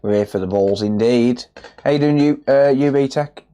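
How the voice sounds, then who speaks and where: A man's voice: medium pitch, moderate pace, clear, resonant tone. A man from the West Midlands of England with his regional accent, chatting casually with live-stream viewers while he works on repairs. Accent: West Midlands English. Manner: relaxed, chatty, greets viewers by name. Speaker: repair livestream host.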